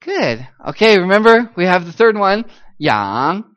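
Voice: mid-range voice, expressive, moderate pace, dull audio. A missionary giving an upbeat church talk to a live audience, teasing them kindly and singing out syllables to demonstrate the tones.

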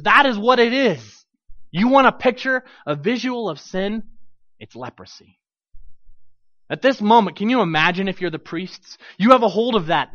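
A man preaching a sermon who retells a scripture story dramatically, swinging from loud bursts to hushed low lines. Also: no room sound. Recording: dull lo-fi dry recording.

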